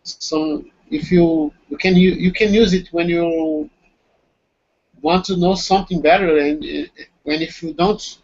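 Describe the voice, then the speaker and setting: Man, language student on a video call, hesitant and halting, high voice, muffled line. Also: steady tone, darkish tone. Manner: hesitant, many fillers and restarts. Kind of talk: answering in class.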